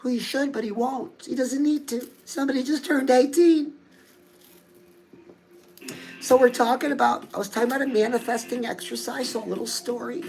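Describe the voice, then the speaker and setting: Chatty high-voiced woman host, gravelly. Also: steady tone, moderate pace, a little mellow, slight background noise, rough recording. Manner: chatty, coaching, addresses viewers as girl. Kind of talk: casual livestream chat.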